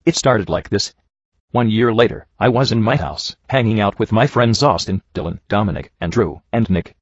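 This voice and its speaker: A man reading a badly written story aloud in a dry, sarcastic, deadpan way, mocking it as he goes. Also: on the low side, moderate pace, dry recording. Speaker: reviewer reading bad fanfiction. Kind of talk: dry comedic reading and commentary. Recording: dull lo-fi home recording.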